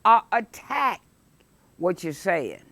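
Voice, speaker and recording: Woman preacher, slow deliberate delivery, dry close sound, emphatic. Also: on the low side, very animated, creaky, no echo. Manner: emphatic, rises to shouted exclamations. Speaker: Sunday school teacher. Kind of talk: preaching a Bible lesson.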